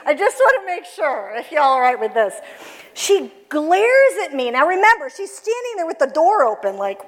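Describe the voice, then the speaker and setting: A high-pitched woman with a lively, swooping voice tells a personal story to a church audience, acting out the people she quotes and laughing as she goes. Her voice carries the long reverb of a hall. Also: moderate pace. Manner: animated, acts out quoted voices, laughs often.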